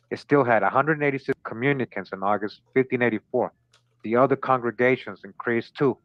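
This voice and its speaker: A man's voice: medium pitch, no room sound. A man hosting a show, reading passages aloud and breaking in with commentary, often repeating words and checking in with listeners. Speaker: host. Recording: dull lo-fi recording.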